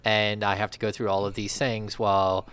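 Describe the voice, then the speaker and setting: A man's voice: on the low side, level tone, normal speed, fairly bright tone, clear, resonant tone. A man, a sports reporter co-hosting a podcast, chatty and reasoning aloud. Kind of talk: casual sports chat.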